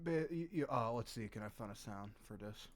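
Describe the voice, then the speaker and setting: A man's voice: fairly low pitch, animated, fairly quick. A man co-hosting a casual podcast, talking in a playful, rambling way. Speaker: podcast co-host.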